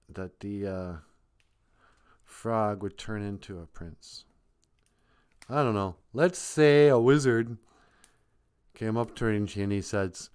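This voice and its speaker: A man's voice: fairly low pitch, smooth. A man hosting a live stream, telling a comic folk tale in a loose, off-the-cuff, joking way. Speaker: live-stream host and storyteller. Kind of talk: rambling comic storytelling.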